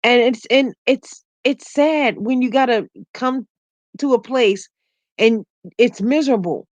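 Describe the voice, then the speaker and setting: A middle-aged woman hosting a casual livestream, chatting with viewers, laughing often and telling animated stories. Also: a little high, unhurried, no echo, lo-fi sound. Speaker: YouTube livestream host. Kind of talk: casual livestream chat reading comments.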